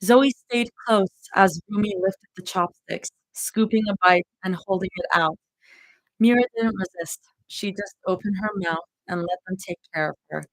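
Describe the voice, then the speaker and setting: A woman reads a fanfiction chapter aloud in a live reading, her voice bright and forward. She narrates expressively and is recorded close and dry, with no room sound. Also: medium pitch, no room sound, low-quality recording. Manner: expressive reading with emotional reactions. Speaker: fanfiction reader.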